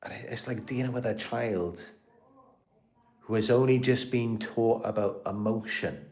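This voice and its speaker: A man's voice: medium pitch, measured pace, a little mellow. A man with a British accent hosting a live stream, talking casually, rambling and repeating himself with lots of fillers. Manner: rambling, repeats words and restarts, many "you know" fillers. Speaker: host of a live stream about narcissistic abuse.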